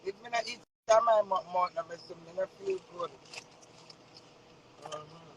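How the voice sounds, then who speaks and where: A woman hosting a live stream, relaxed, playful and chatty. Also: lowish voice, measured pace, a little hiss or hum, poor audio. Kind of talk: casual live stream chat.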